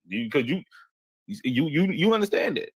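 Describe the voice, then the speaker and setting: A man, telling a personal story in casual talk, animated and repeating himself as he goes. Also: a little high, moderate pace, slightly rough, no room sound. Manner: animated, repeats himself, jumps into quoted voices. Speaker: podcast host telling a story.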